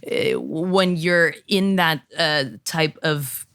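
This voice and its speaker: A woman in her twenties talking candidly as a podcast guest, halting and restarting her sentences. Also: low voice, gravelly, a bit bright, no echo, clean studio sound. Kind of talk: casual chat.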